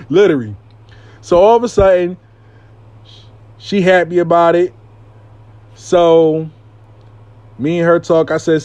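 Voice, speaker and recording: A man's voice: a little high, takes it slowly, long pauses, no room sound, dull audio. A man hosting a casual storytime, telling it animatedly with frequent swearing and catchphrases. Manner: animated, profane, repeats "I lie to you not". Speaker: host and storyteller.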